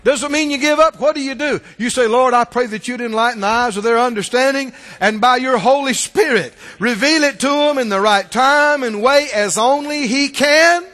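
High-voiced preacher man in a reverberant hall. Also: normal speed, hardly any pauses. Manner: emphatic preaching, swells to shouts and drops to hushed asides. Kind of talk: sermon.

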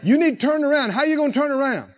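A man's voice: very high voice, lively intonation, quick pace, highs cut off. A male preacher delivering a rousing sermon, calling out to the congregation and laughing often.

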